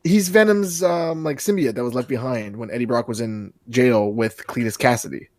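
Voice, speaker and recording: A man of ordinary pitch co-hosts a podcast in loose, casual chat. He rambles excitedly and swears freely, heard in dry, close sound. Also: moderate pace, no echo. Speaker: podcast co-host.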